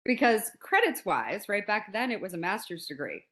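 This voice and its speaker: Woman, 40s, guest on a talk podcast, mid-pitched, animated storyteller who voices the people she quotes. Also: moderate pace. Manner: animated, laughs often, acts out quotes. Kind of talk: casual storytelling.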